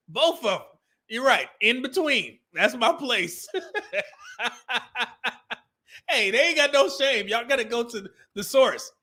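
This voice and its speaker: Man, Californian accent, live-stream host, bright voice, loose joking delivery. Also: very high-pitched, animated, normal speed. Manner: loose, joking, laughs often, reads viewer messages. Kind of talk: casual live-stream commentary.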